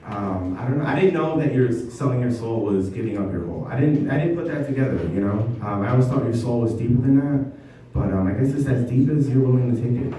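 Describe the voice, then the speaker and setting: A man doing a stand-up comedy set in a basement venue, talking in a halting, self-deprecating way with many ums. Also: mid-range voice, animated, dark tone, slight background noise. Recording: echoey basement room, mic from far off.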